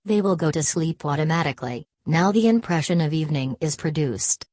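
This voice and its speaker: Woman reading as a confident knowing gentleman. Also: low-pitched, animated, fairly quick, no echo.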